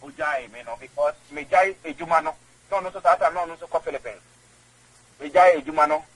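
A man's voice: on the high side, quick pace, a bit bright, breathy edge, low-quality recording. A man with a Ghanaian accent, a guest in an interview, who rambles and repeats words. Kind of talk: conversational interview.

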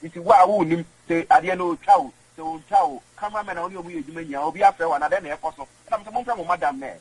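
A man with a Ghanaian accent, an interview guest talking in an animated, emotional way, mixing English and Twi. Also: on the high side, fast talker, slightly rough, rough recording.

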